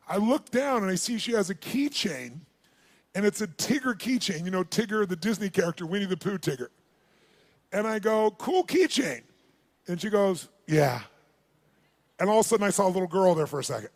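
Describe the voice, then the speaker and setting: A man leading a live motivational seminar, telling a story and calling on the audience to shout answers and raise their hands. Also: high-pitched. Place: large event hall with a live audience.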